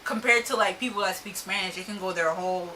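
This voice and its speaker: A young American woman co-hosting a podcast, chatting casually and relaxed, with lots of filler words. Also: medium pitch, fast, poor audio. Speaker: podcast co-host. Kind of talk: casual chat. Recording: faint hiss, a bit off-mic.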